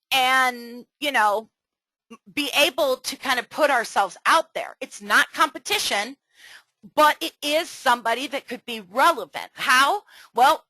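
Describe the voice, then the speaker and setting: A middle-aged woman coaching a webinar in a chatty, animated way with many fillers. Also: fairly high pitch, no room sound, poor audio. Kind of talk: casual webinar teaching.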